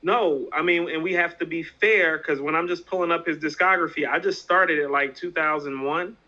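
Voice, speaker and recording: Male co-host, bright forceful voice, emphatic, repeats himself; dull remote audio. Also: a little high, moderate pace. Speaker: podcast co-host. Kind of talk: casual hip hop discussion.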